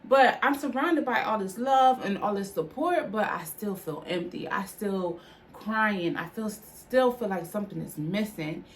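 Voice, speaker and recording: A woman's voice: medium pitch, expressive, a little slow, a little hiss or hum. Candid woman vlogger sharing her faith story. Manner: candid, conversational, heartfelt, with frequent "like" fillers. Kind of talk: personal testimony vlog.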